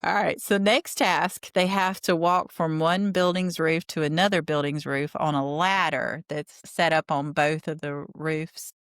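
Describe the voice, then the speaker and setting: A woman's voice: low-pitched, steady tone, a little slow, hardly any pauses, smooth, no echo, studio quality. A woman hosting a podcast, recapping a TV show in a chatty, wry, gossipy way. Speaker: podcast host. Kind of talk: casual TV recap.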